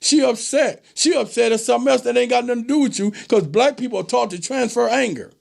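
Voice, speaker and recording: A man's voice: very high voice, fast, gravelly. A man hosting a casual monologue show, talking in an emphatic, preachy way and acting out the voices of people he quotes. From American South. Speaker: show host.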